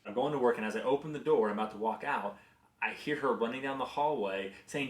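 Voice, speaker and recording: A business executive in his thirties shares career lessons through personal stories, speaking in an earnest, conversational way and growing animated in his anecdotes. His mid-range voice moves fast, and the recording has a roomy echo. It's reflective storytelling mixed with advice.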